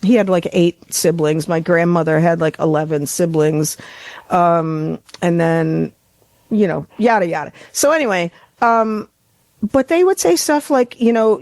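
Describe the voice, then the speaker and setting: A woman's voice: on the low side, a little slow, a little mellow, no room sound. A woman from Buffalo, New York, co-hosting a podcast, telling rambling stories in casual chat and swearing freely. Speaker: podcast co-host.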